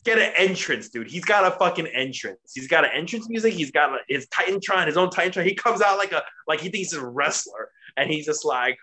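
A man co-hosting a casual wrestling chat, profane and mocking, recapping a show and doing quick impressions. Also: on the high side, animated, pushed and bright. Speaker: wrestling podcast co-host.

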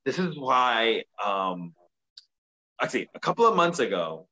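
Animated, swearing man. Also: unhurried, dull audio. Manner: animated, profane, acts out quotes in a high voice. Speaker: podcast co-host. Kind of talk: casual chat recapping wrestling.

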